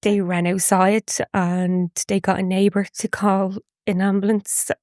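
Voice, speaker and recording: A woman, a podcast guest telling a personal story in a halting, emotional way with frequent restarts. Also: medium pitch, little pitch movement, a little mellow, no echo, clean studio sound.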